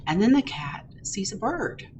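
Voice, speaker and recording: A woman's voice: medium pitch, very animated, measured pace, very noisy. A woman librarian reading a picture book aloud to young children at a storytime, in a playful, engaging way.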